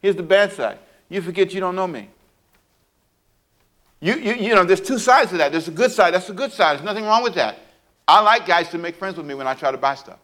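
A man preaching a sermon in an animated way, acting out little scenes with sound effects and playful asides. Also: sits high, fairly quick. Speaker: pastor.

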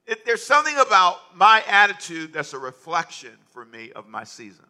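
A man's voice: fairly high pitch, very animated, a little fast, hardly any pauses, bright, forceful tone. A man preaching a sermon as pastor, conversational and joking, often repeating himself. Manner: conversational, repetitive, humorous asides.

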